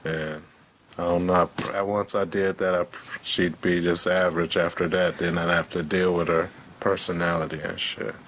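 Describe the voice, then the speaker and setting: A man's voice: low-pitched, little pitch movement, moderate pace, fairly bright tone, a little hiss or hum. A man co-hosting a casual wrestling review podcast, crude and hesitant, often restarting his words. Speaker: podcast co-host.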